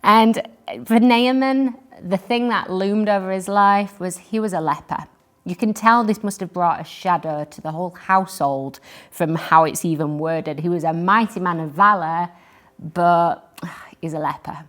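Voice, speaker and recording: A woman's voice: lowish voice, normal speed, fairly bright tone. A woman giving an earnest, encouraging devotional Bible teaching, reading scripture aloud and explaining it.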